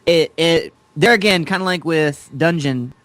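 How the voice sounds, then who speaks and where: A man's voice: fairly high pitch, a little slow, a bit bright, dry recording. A man co-hosting a casual chat, talking earnestly and rambling with restarts. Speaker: co-host.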